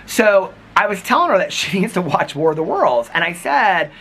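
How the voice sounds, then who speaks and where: A man vlogging on his front porch, telling a rambling story in a chatty, casual way with quick asides. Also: high-pitched, sing-song, sharp tone, husky.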